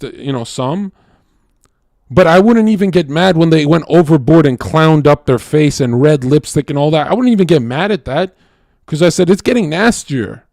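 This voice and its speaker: A man's voice: a little high, gravelly, a little mellow, dry recording, clean studio sound. Crude, rambling male livestreamer. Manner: crude, profane and confessional, with stammered restarts. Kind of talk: casual unscripted stream monologue.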